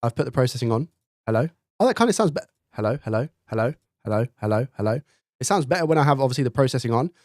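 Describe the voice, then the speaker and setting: Male streamer, mid pitch, casual chatter and mic checks, dry close-up studio mic. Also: animated, rapid-fire, darkish tone, no room sound. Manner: thinks aloud, repeats mic checks, reads viewer chat. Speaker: live-stream host testing his mic. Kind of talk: casual live-stream chat. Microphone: studio dynamic mic, close up.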